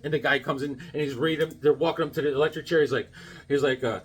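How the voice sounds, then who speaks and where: A man hosting a casual vlog about his comic books, talking in a jokey, animated way with sudden exclamations. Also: fairly high pitch, fast talker, breathy edge. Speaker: comic book vlogger. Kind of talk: casual show-and-tell vlog.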